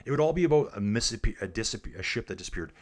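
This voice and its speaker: Man, lowish voice, livestream race commentator; loose, jokey, chats with viewers. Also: big pitch swings, very fast. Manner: chatty, jokey, reads viewer comments aloud. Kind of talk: casual live commentary reading chat.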